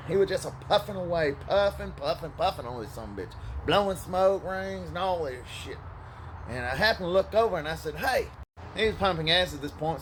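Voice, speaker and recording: Profane high-voiced man. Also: fairly bright tone, slight background noise. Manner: profane, drawling, sarcastic. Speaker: storyteller. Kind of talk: comic anecdote.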